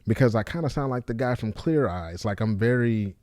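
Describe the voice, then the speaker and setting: A man who is a stand-up comedian, talking casually to camera in a low, deep, monotone voice with loose fillers. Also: brisk, dry recording, clean studio sound. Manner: loose, repeats himself with fillers like "you know what I'm saying".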